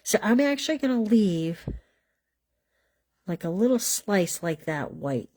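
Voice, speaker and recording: A woman's voice: mid-range voice, very animated, a little slow, darkish tone. A woman hosting a live card-making class from home, chatting casually as she colors and assembles cards, often trailing off mid-sentence. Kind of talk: casual live craft demonstration.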